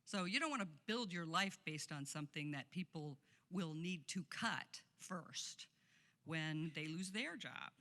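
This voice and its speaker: Passionate woman giving an animated keynote. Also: lowish voice, measured pace, in a large hall. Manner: emphatic, passionate, laughs often. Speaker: keynote speaker. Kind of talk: conference keynote speech. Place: conference hall.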